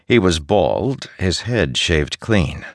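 A male audiobook narrator with a very deep, low voice that still moves widely in pitch as he tells the story. The recording is dry and intimate. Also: very animated, takes it slowly, no echo.

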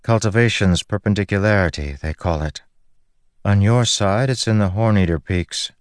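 A guarded woman warrior with a calm, understated voice, read by a deep-voiced man. She answers plainly and gives little away. The recording is dry and close. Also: normal speed, smooth, no room sound, lightly acted.

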